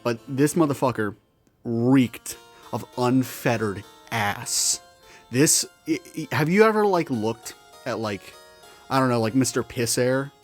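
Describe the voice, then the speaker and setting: A man's voice: medium pitch, animated, measured pace, faint music behind. A man telling a story in character as a weary, sardonic male monster with tails, talking in a profane, rambling and exasperated way. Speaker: roleplaying storyteller.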